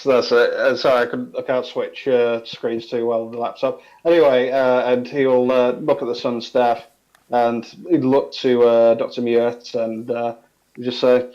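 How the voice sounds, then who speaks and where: A man narrating his turn in a casual tabletop game, halting and full of fillers. His voice is mid-pitched, and the mic is a bit dull and lo-fi. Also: flat delivery, a little mellow. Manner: hesitant, with many fillers. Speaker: player. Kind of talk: casual tabletop role-play.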